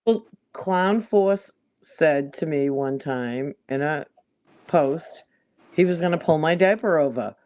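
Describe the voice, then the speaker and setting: Excitable boston-accent guy, kinda higher voice, rambling on a stream. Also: slow. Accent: Boston area. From Massachusetts. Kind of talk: casual banter.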